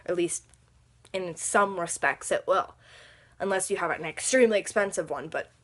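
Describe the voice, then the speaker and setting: A woman's voice: lowish voice, moderate pace. A woman telling a rambling storytime to camera in a casual vlog, full of fillers, sitting at home under a lamp. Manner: rambling, chatty, lots of fillers. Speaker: vlogger.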